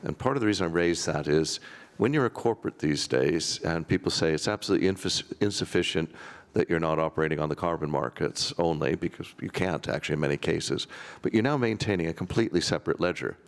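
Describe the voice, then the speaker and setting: A man's voice: deep voice, fast talker. A man speaking on a conference panel, rambling and wry with dry self-deprecating jokes.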